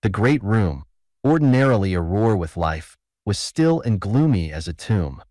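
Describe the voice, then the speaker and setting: A man reading a classic short story aloud as narrator, in a measured, expressive way. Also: fairly low pitch, dry recording, clean studio sound.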